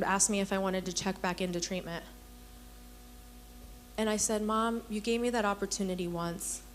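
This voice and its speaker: At a women's church gathering, a young adult woman earnestly tells stories from her own life, imitating the voices of the people involved. Her voice is medium in pitch and a bit bright, with slight background noise.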